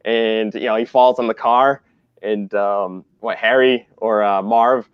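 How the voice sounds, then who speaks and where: A man's voice: on the low side, steady tone, unhurried, clean tone, dry recording. A man, a movie critic, chatting casually on a livestream in a laid-back, rambling way. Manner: laid-back, rambling with fillers like "you know". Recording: slightly muffled lo-fi audio.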